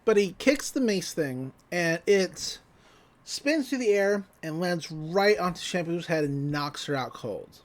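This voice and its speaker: A man co-hosting a podcast, recapping an episode in casual chat, laughing often and quoting characters in quick voices. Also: sits high, expressive. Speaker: podcast co-host.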